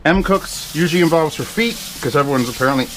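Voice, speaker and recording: A man's voice: on the high side, fast talker, fairly bright tone, slight background noise. A man chatting casually and rambling with profane, self-mocking asides while he cooks in his home kitchen. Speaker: cooking vlogger. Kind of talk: casual cooking vlog chat.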